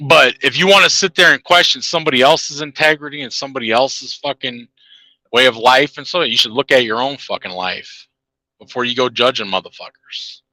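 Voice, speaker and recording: Man, profane rant, heated and mocking, laughs at his own jabs, tense bright tone, dry close sound. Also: mid-range voice, brisk, dry recording, poor audio. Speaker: channel host. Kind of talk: profane ranting monologue.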